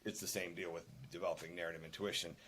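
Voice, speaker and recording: An older man, a podcast guest and author, telling anecdotes in an animated, emphatic way. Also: sits low, fast talker, a little hiss or hum. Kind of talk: conversational interview.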